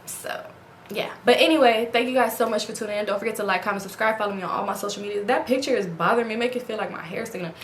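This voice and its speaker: A woman's voice: medium pitch, rapid-fire, reverberant, a little hiss or hum. A woman vlogger at home, casually telling a story to her viewers and acting out the quoted lines in a raised voice. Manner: animated, acts out quoted dialogue in raised voice. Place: home at night in front of a ring light.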